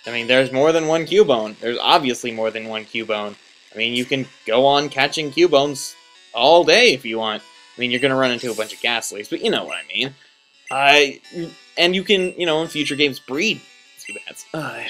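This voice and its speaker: A man's voice: mid-range voice, a bit bright. Rambling young man commenting on a game. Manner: rambling, self-deprecating, jokey. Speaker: let's play commentator. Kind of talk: casual gameplay commentary.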